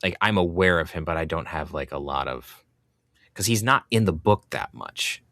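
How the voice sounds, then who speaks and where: A man's voice: deep voice, expressive, moderate pace, fairly bright tone, no room sound, studio quality. A man co-hosting a podcast, chatting casually, matter-of-fact and setting the facts straight. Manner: matter-of-fact, corrects the others.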